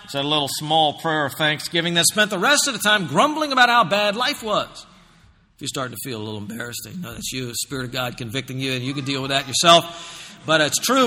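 Male pastor, fairly high and very bright tone, emphatic conversational preaching with long hall reverb. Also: lively intonation, a little fast. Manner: conversational, emphatic, uses rhetorical questions. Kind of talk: expository sermon.

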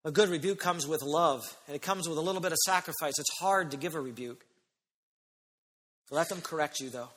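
A man preaching a sermon as pastor, emphatic, slowing down and stretching key phrases. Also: on the high side, a bit bright, slightly rough. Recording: long hall reverb.

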